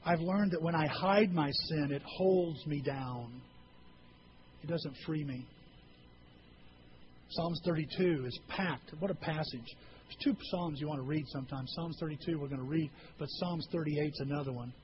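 A man's voice: a little high, normal speed, highs cut off, noisy background. A male pastor preaching a sermon in a church, earnest and conversational, with frequent rhetorical questions.

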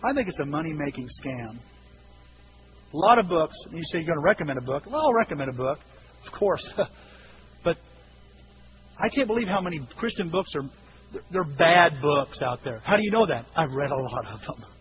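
Animated high-voiced pastor preaching. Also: male voice, moderate pace, pauses often. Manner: animated storytelling, acting out voices with shouts. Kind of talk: sermon. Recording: dull lo-fi recording with hiss.

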